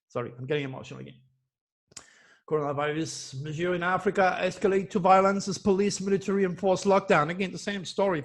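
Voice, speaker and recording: A man with a somewhat high voice talks alone to his viewers as an astrologer, reacting to news headlines. He preaches with rising passion, hammering points home by repeating phrases over and over. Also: fast. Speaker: astrologer giving predictions. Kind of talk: emphatic solo commentary on news headlines.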